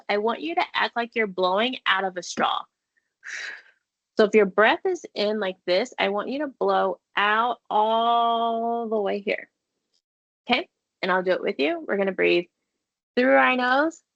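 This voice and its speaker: A woman's voice: mid-range voice, vocal fry, fairly bright tone, no echo, muffled recording. A woman therapist presenting a parenting webinar over a video call, walking listeners through breathing exercises in an encouraging, conversational way. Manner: encouraging, conversational, uses y'all and playful asides. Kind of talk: guided mindfulness and webinar presentation.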